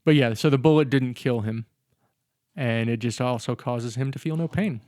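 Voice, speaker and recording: With a medium-pitched, slightly mellow voice at a moderate pace, the podcast co-host talks casually about a film. He rambles, catches and corrects himself, and jokes about the plot, all on a dry, studio-quality recording.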